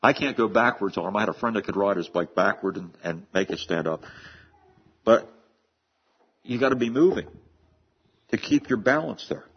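A man's voice: on the low side, expressive, moderate pace, pauses often, slightly rough, lo-fi sound. A man preaching a sermon in an earnest way, often repeating words as he builds a point. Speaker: pastor.

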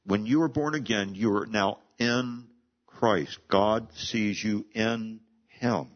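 Low-voiced man preaching a sermon. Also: slow, dull audio. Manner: earnest preaching, reads scripture aloud with rising emphasis. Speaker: pastor.

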